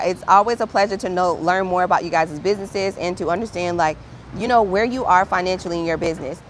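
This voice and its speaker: A woman with a mid-range voice hosts a grant-writing livestream, chatty and encouraging, calling her viewers "friend." There's a little hiss or hum in the recording.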